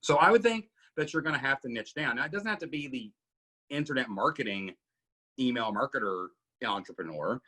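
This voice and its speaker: A man's voice: medium pitch, expressive, fairly quick, sharp tone, breathy edge. A middle-aged man hosting a casual coaching Q&A, emphatic and often asking "right?". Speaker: podcast host coaching members.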